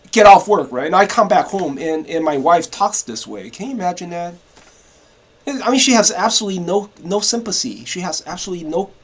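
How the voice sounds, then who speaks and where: A man's voice: high-pitched, fairly bright tone. A man ranting in a casual monologue, rambling and repeating himself with many stammered restarts and the odd curse. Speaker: vlogger.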